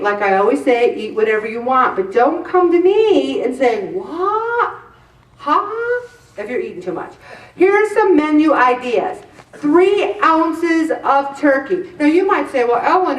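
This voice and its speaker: A middle-aged woman hosting a weight-loss show, giving chatty diet advice in an animated, exclamatory way and repeating words for emphasis. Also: high voice, recorded from a distance. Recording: echoey room, voice from off mic.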